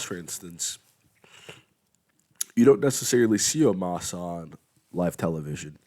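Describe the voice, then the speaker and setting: A young man with a deep, dark voice hosts a casual wrestling commentary podcast. He rambles conversationally and yawns now and then.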